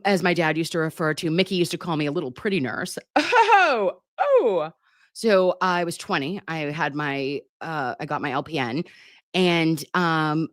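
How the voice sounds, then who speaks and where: A woman's voice: deep voice, fairly bright tone, dry recording, clean studio sound. A woman in her forties, a nurse hosting a casual livestream, reading viewer comments in a chatty, giggly, sometimes flustered way and calling viewers babe. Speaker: nurse streamer hosting a live chat. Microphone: computer mic.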